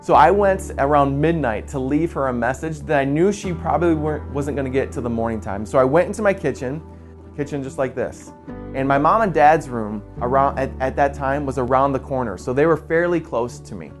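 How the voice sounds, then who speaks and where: A man in his forties, a pastor, telling an earnest personal story in a quiet, soft-spoken way. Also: medium pitch, lively intonation, a little fast. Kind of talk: personal testimony in a church video. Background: soft guitar music.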